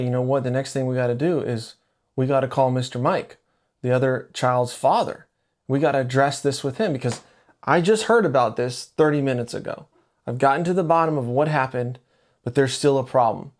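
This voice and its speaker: A middle-aged man hosting a podcast, telling a personal story in a conversational way and acting out the dialogue with lively jumps in pitch. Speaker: podcast host. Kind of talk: storytelling monologue.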